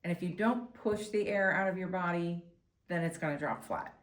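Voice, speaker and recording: Lower-voiced woman teaching flute. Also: moderate pace. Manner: patient, explanatory. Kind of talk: instructional demonstration. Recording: echoey room with faint noise.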